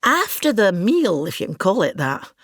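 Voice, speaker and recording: A woman's voice: mid-range voice, sing-song, normal speed, no room sound, clean studio sound. A woman with a Scottish accent playing a vain, grandiose older actress in a scripted comic monologue, pompous and gossipy. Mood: grand.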